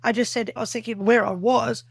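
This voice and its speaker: Woman guest telling her story in an interview, kinda high voice, dry close sound, earnest and detailed. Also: steady tone, brisk, gravelly, husky, no echo. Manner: earnest, vivid storytelling that acts out remembered dialogue. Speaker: podcast guest. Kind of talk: recounting a personal experience in an interview.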